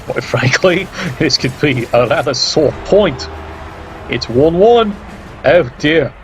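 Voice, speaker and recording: A man's voice: fairly high pitch, animated, slow, faint music behind. A man giving casual play-by-play game commentary, sardonic and teasing, swearing freely.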